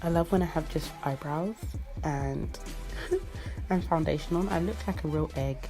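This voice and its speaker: A chatty young woman talks through her everyday makeup routine, slightly low-pitched for a woman, with faint music playing underneath. She keeps it playful and loose, making up silly words along the way. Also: unhurried, dark tone. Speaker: beauty vlogger. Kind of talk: casual makeup tutorial chat. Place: indoors at home under studio lights.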